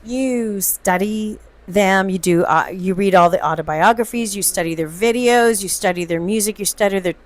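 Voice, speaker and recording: A woman's voice: mid-range voice, normal speed, hardly any pauses. A middle-aged woman guest performer in casual chat, telling stories with lots of laughter. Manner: animated storyteller, laughs often.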